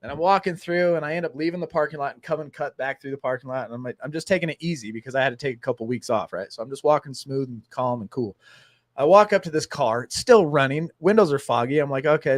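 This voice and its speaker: A man hosting a casual talk show, telling a story with lively acted-out dialogue. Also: medium pitch, fast, no room sound, clean studio sound. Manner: animated storyteller acting out dialogue. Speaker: host.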